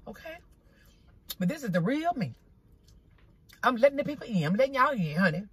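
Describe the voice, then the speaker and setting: A woman's fairly high, husky voice swings widely in pitch and moves a little fast in this dry recording. She's a vlogger eating on camera in an outdoor parking spot, filming a chatty mukbang on her phone. Her folksy talk is full of "y'all" and "child."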